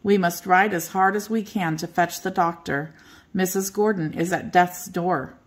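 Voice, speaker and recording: A woman's voice: fairly low pitch, fairly even intonation, measured pace, close to an everyday voice. A woman doing an urgent, stern male groom. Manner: urgent, commanding.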